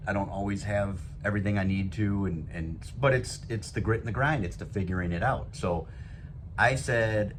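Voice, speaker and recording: A man hosting his own motivational talk show, upbeat and rambling, poking fun at himself. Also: lowish voice. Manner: upbeat, rambling, self-joking. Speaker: show host. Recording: noisy background.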